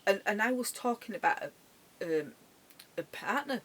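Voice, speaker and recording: A tearful woman recording a personal vlog from her caravan bedroom, speaking haltingly with many restarts and soft, trailing words. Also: mid-range voice, animated. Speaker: dog owner. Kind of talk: emotional personal vlog tribute.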